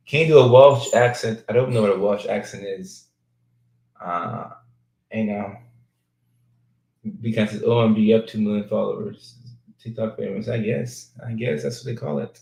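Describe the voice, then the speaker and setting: A man chatting casually as a talk show guest, playful and joking at times, halting and hesitant at others. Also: fairly low pitch, steady tone, creaky, darkish tone, reverberant, rough recording. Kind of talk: casual chat.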